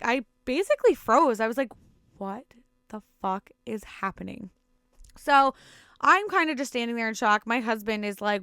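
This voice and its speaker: A woman's voice: on the high side, fairly bright tone, clean tone, no echo, studio quality. A woman hosting a show and casually telling her own stories, swearing often and rambling with lots of fillers. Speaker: podcast host telling personal stories. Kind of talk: casual storytelling.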